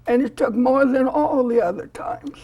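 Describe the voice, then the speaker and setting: An older woman who volunteers as a foster grandparent tells a story in a studio interview, her high voice moving at a moderate pace. She's an animated storyteller, acting out the quoted lines as she goes.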